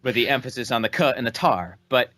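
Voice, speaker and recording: A man co-hosting a political podcast, explaining things in a measured way. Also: mid-range voice, pushed and bright, no room sound, studio quality. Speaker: podcast co-host. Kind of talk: casual political podcast chat.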